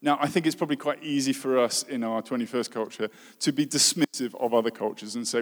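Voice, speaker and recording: A man's voice: medium pitch, quick pace, hardly any pauses. A man preaching a sermon in an earnest tone, with dry humor and rhetorical questions. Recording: reverberant hall.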